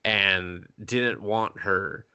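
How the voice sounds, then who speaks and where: A man with a bright, forceful voice trades casual, swear-laden banter about a film. He laughs readily and talks with animated energy as a podcast co-host. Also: on the low side, extremely slow, smooth, highs cut off. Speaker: movie review podcast co-host.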